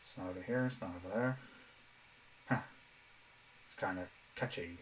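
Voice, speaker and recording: A man voicing a sneering male wizard professor with a slow, low drawl. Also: a little hiss or hum, close to an everyday voice, poor audio.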